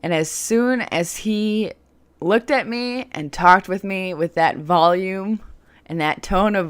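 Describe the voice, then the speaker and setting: A woman's voice: lowish voice, a bit bright, clear, resonant tone. A woman vlogging, telling a personal story in a candid, chatty way with plenty of "like" fillers.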